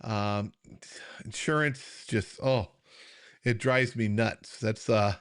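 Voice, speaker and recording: A man's voice: lowish voice, steady tone, slow, clean tone. A middle-aged man from the United States hosts a casual live stream, speaking earnestly and plainly. He talks in a loose, everyday way, often restarting his sentences, and sounds like he is holding back emotion. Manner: earnest, conversational, with frequent fillers and restarts. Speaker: kidney health coach hosting a live Q&A.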